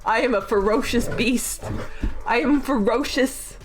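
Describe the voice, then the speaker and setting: A woman's voice: on the high side, measured pace, a little hiss or hum, close to an everyday voice. A woman voicing her small fluffy female dog, who protests in a mock-indignant way that she is a ferocious beast.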